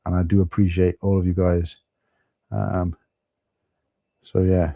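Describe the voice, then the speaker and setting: A man's voice: deep voice, level tone, unhurried, vocal fry, no echo, dull audio. A man with a Welsh accent, chatting casually with viewers as host of a live stream, calling them mate.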